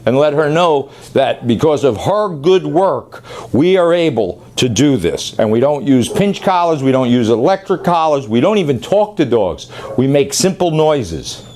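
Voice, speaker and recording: A man who runs a dog training facility, talking loosely and excitably as he demonstrates training, now and then yelling playfully. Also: fairly high pitch, slight background noise. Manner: loose, rambling, excitable, yells playfully at times. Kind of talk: casual on-camera demonstration.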